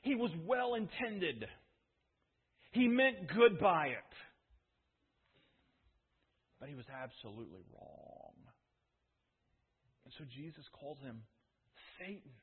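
A male pastor preaching a sermon, telling the story emphatically with frequent restarts in a husky voice. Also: fairly high pitch, lively intonation, slow, pauses often. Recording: tinny phone-like sound.

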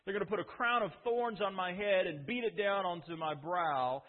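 A preacher doing a grave, hushed teacher. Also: male voice, sits high, moderate pace, big-room sound, close to an everyday voice. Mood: solemn. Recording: tinny phone-like sound.

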